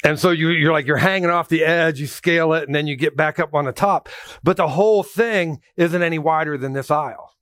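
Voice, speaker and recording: A pastor delivers a jokey, conversational sermon in church, animatedly telling personal stories and calling out to his congregation. His voice is somewhat high and brisk, recorded dry at studio quality.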